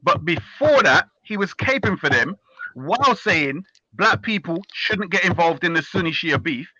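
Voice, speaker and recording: A brash man with a high, piercing voice runs a heated online debate. His delivery is mocking and he talks over others. The call audio is muffled and dry. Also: animated, moderate pace, sharp tone, no echo. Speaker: host of a live online debate.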